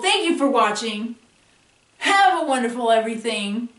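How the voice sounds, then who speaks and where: A woman tells a spooky story at home in an animated way, with dramatic pauses. The camera sits across the room, so her voice sounds roomy and distant. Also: fairly high pitch, slight background noise. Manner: animated, dramatic pauses, laughs between lines. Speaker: paranormal vlogger.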